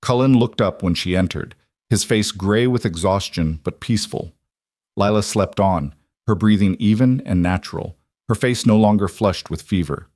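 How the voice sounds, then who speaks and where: Low-voiced calm male storyteller. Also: moderate pace, no room sound, clean studio sound. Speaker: narrator. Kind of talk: scripted audiobook narration of a western story.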